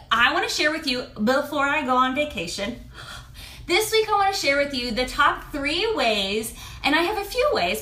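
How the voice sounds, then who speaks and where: Bright-voiced woman coach in an echoey room. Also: sits high. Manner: candid and expressive, with mild swearing. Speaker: fertility and lifestyle coach. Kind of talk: casual talk to camera.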